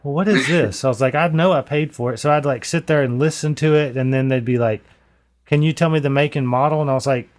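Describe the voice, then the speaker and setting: A man co-hosting a podcast, telling stories in a casual, animated way and laughing as he goes. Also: medium pitch, fast. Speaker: podcast co-host. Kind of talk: casual storytelling chat.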